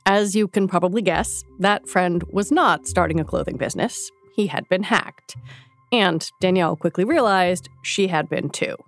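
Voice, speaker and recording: A woman podcast host with a scratchy voice from a cold, narrating the story in a measured, explanatory way. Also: fairly low pitch, faint music behind. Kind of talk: scripted narration and interviewing.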